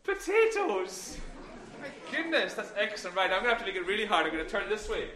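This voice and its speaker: High-voiced man leading a children's talk. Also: rapid-fire, pushed and bright. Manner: playful, encouraging, drops to whispers. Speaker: minister giving a children's talk. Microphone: microphone.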